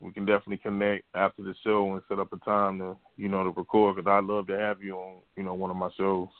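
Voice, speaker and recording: Laid-back male radio host, low monotone voice, heard over a phone line. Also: quick pace, dry recording. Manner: laid-back slang, frequent "you know what I'm saying". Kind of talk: casual call-in chat.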